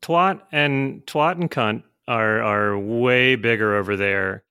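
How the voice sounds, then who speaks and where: A man's voice: mid-range voice, takes it slowly, pushed and bright, smooth, dry recording. A man in casual chat, making dry, blunt and profane quips.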